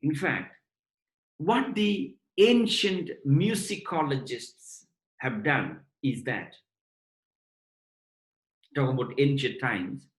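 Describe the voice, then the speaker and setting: Man teaching a scripture lecture, very slow careful delivery, echoey room. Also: mid-range voice, lively intonation. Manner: measured, explanatory, addresses listeners as brothers and sisters. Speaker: spiritual lecturer. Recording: roomy echo.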